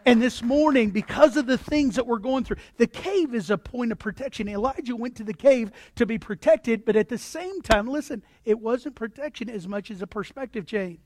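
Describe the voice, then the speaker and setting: A man preaching a sermon as pastor, animated, acting out voices and repeating words as he builds his points. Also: high-pitched, no echo.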